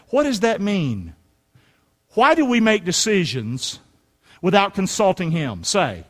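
A middle-aged male pastor preaching a sermon in a folksy, preacherly way that rises to shouts. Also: high-pitched, sing-song, unhurried, pauses often, in a large hall.

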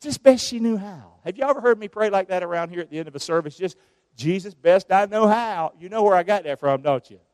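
A man's voice: high voice, animated, brisk, a little mellow, no room sound, clean studio sound. A man preaching a sermon as pastor, drawing the congregation into call-and-response. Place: church sanctuary.

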